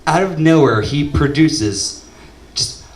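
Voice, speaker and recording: A young man doing stand-up, telling a story deadpan and shouting the punchlines. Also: a little high, takes it slowly. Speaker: stand-up comedian. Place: comedy club stage. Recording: roomy club audio from a distance. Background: audience laughter.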